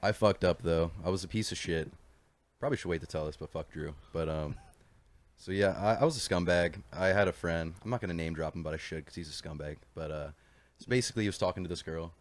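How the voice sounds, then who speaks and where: A young man telling stories as a podcast guest, blunt and self-mocking, swearing freely. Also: low voice. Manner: rapid, blunt, self-deprecating, swears a lot. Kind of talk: casual storytelling.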